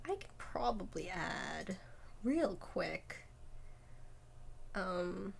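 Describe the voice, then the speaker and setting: A woman's voice: medium pitch, animated, measured pace, a little hiss or hum. A young woman streamer giving casual game commentary, giggly and self-deprecating as she thinks aloud.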